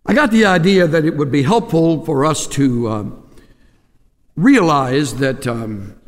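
A man delivering a sermon in a church sanctuary, his voice carrying a long reverb through the large hall. His pitch sits a little high for a man and leaps all over the place as he acts out quotes. He preaches with animated, theatrical energy. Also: slow pace, pauses often. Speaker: pastor.

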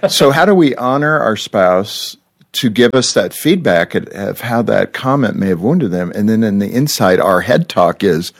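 An older male host with a low voice that moves a lot in pitch. He interviews his guests in a relaxed, playful way and slips into quick asides. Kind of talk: conversational radio interview.

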